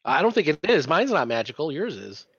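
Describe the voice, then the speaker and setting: A man's voice: fairly high pitch, very animated, a little fast, fairly bright tone, breathy edge, dry recording. A man playing in a tabletop game, joking and bantering casually with friends. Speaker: player. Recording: dull lo-fi audio.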